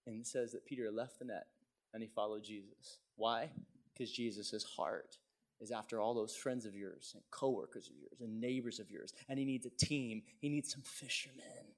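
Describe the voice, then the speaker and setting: Dramatic preacher, hushed to shouting. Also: male voice, mid-range voice, steady tone, normal speed. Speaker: pastor. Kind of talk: sermon storytelling.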